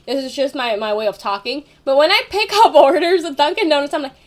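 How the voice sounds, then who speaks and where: A young woman with a high voice tells a story in a loose, rambling way. She leans on fillers, restarts her sentences and swears now and then. She sounds like she is chatting to a camera. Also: brisk. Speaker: vlogger. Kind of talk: casual storytelling.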